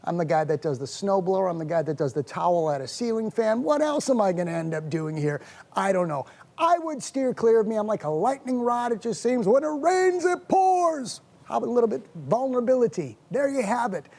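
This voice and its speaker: A man hosting a wellness show, telling a story about his morning in a casual, animated and self-mocking way. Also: sits high, a little fast, vocal fry.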